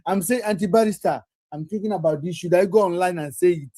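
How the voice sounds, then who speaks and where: Emphatic high-voiced Nigerian man. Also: quick pace, warm tone, no echo. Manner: emphatic, repeats phrases. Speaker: host. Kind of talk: livestream talk.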